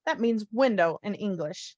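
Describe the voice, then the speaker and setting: A woman teaching a phonics lesson, slowly sounding out letters and repeating each word with care. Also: mid-range voice, lively intonation, darkish tone, dry recording, dull audio. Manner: slow, carefully sounds out letters and words. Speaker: language teacher. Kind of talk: slow children's phonics lesson.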